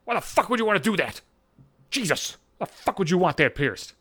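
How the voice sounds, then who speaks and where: A man's voice: high voice, very animated, a little fast, bright, forceful tone, no echo, voice pushed up, exaggerated voice. A man retelling the words of a baffled, disgusted male coworker who swears in exasperation. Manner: exasperated, profane.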